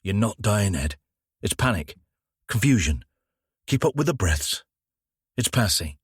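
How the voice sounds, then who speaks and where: A calm male detective who keeps control and talks others through panic, read by the narrator in near his own voice. The voice is low and steady, recorded dry and close. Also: measured pace, slightly rough, no echo, full character voice. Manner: calm, firm, reassuring.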